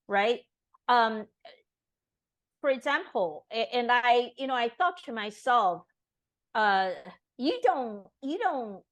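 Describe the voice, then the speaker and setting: A woman's voice: a little high, poor audio. A woman from Taiwan, an interview guest, making her points earnestly and emphatically and often checking in with tag questions. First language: Taiwanese Mandarin. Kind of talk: conversational interview.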